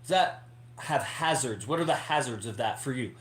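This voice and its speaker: A man's voice: medium pitch, expressive, moderate pace. A man hosting a podcast, talking in an emphatic, rambling way, swearing freely as he lectures his members. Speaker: podcast host. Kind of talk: casual monologue to members. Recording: echoey room.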